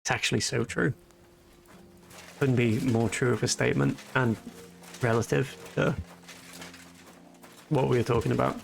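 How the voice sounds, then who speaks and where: Gravelly, cheeky streamer man. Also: mid-range voice, steady tone, normal speed, long pauses, a little hiss or hum. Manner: joking, rambling, cheeky asides. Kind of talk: casual live stream commentary.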